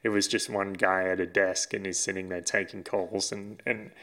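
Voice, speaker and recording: A man's voice: deep voice, little pitch movement, moderate pace, bright, forceful tone. A man co-hosting a casual podcast chat, telling stories and laughing often. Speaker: podcast co-host.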